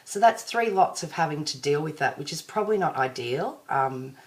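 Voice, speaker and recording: A woman's voice: deep voice, expressive, normal speed. An Australian woman chatting to her viewers in a casual vlog, rambling and self-deprecating. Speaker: vlogger.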